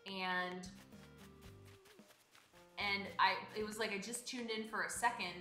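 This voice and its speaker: A woman's voice: mid-range voice, fairly even intonation, slow pace, sharp tone, echoey room. A young woman live-streaming a game, chatting casually and greeting viewers by name in a bubbly way. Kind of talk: casual live-stream chat while playing. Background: game music.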